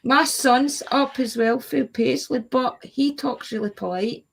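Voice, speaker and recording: A woman with a softened Scottish accent chatting on a livestream, agreeable and often laughing along. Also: high-pitched, a little slow, vocal fry. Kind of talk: casual chat on a livestream.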